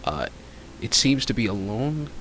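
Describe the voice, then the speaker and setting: A man narrating as game master of a tabletop role-playing session, pausing often with fillers as he describes the scene. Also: mid-range voice, sing-song, a bit bright, slight background noise. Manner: hesitant, lots of fillers.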